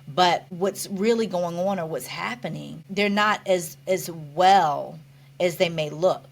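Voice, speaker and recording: Earnest low-voiced woman reflecting. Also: slow pace, gravelly. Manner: earnest, reflective, with many restarts and "you know". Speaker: podcast guest. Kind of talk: conversational interview.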